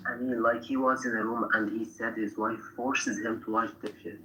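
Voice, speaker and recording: A man's voice: mid-range voice, level tone, normal speed, pushed and bright. A man in a heated audio-room debate, insistent and repeating short questions. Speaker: debate participant. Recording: echoey room with faint background noise.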